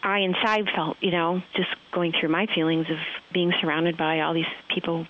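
Low-voiced woman fly fishing guide, phone line. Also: level tone, moderate pace, fairly bright tone. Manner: emotional, rambling storytelling with many fillers. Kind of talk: storytelling in a conversation.

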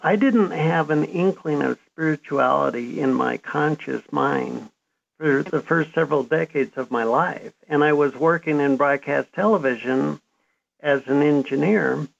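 A man in his fifties answers an interview question at length, earnest and reflective as he recounts his path. His voice sits a little high with a gravelly edge. The recording sounds dull and lo-fi. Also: a little slow. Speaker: interview guest, author.

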